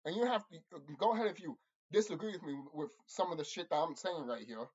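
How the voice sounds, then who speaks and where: A channel host delivering an angry, profane monologue to viewers, repeating himself and insulting his audience. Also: fast talker. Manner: lively swings in pitch and loudness. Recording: dull lo-fi recording.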